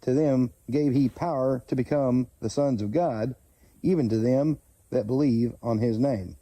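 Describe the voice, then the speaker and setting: A man slowly reading Bible verses aloud and pausing to comment, stumbling over names and correcting himself. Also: medium pitch, dark tone, no echo. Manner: slow, halting reading with self-corrections. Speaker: channel host reading scripture.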